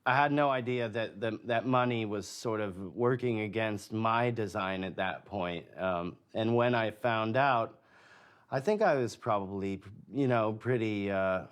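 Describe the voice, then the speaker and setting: A man being interviewed, a filmmaker recalling the casting of a film, talking in a measured, hesitant way. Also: fairly low pitch, clear, resonant tone. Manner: measured and hesitant, with many uh and you know. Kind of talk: interview reminiscence.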